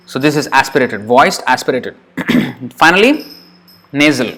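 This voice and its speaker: A patient male Sanskrit teacher gives a pronunciation lesson one sound at a time, saying each syllable slowly and repeating it so it's easy to hear. His mid-pitched voice is very animated and a bit bright, and his plain explanations carry the occasional light aside.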